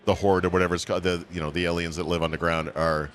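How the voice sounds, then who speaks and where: A man's voice: sits low, little pitch movement, rapid-fire, fairly bright tone, slight background noise. A man co-hosting a casual tech chat, wry and rambling, correcting himself as he talks. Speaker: podcast co-host.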